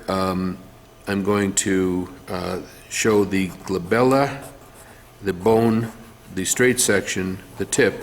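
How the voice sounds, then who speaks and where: Low-voiced man teaching drawing. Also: gravelly, a little hiss or hum. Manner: explains step by step while drawing, with many fillers. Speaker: art teacher. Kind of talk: drawing tutorial demonstration.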